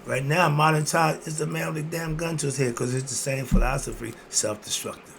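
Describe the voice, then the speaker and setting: A man giving an emphatic, preachy commentary monologue, firing off rhetorical questions and breaking into sudden loud bursts. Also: on the high side, fairly even intonation, brisk, vocal fry, background noise.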